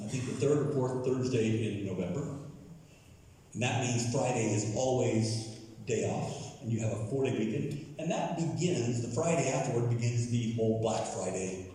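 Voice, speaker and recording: A man's voice: mid-range voice, mellow. A man from the United States preaching a sermon, telling the story dramatically and acting out the characters. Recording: echoey hall from far off.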